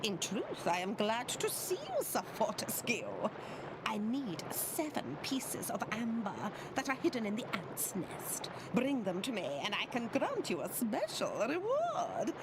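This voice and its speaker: An actress voicing an older, playful woodland witch in a video game, slow and theatrical. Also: fairly high pitch, huge pitch swings, very noisy. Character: old forest witch, playful, grandmotherly.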